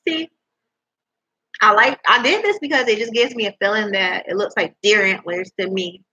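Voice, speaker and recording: Vlogging casually from home, a young woman talks into her laptop microphone, chatty and rambling, eating while she speaks and cursing in disbelief. Her husky mid-range voice is pushed and bright at a normal speed, with the highs cut off.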